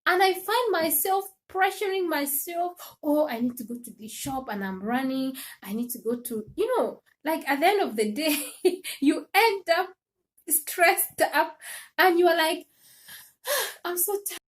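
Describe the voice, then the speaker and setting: A woman's voice: very high voice, expressive, a little slow. A woman hosting a livestream, chatting casually and animatedly, laughing often and speaking directly to her viewers. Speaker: livestream host.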